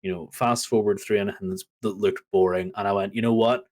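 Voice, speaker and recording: A man co-hosting a casual wrestling chat, telling stories with lively acted-out reactions. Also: fairly low pitch, fairly quick. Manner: animated storytelling, acts out crowd reactions. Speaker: podcast co-host.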